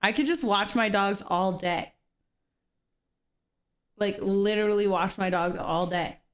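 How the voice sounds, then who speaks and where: A woman's voice: mid-range voice, a little slow. A young woman streamer chatting casually to viewers, often breaking into giggles as she talks. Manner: giggly, laughing through words.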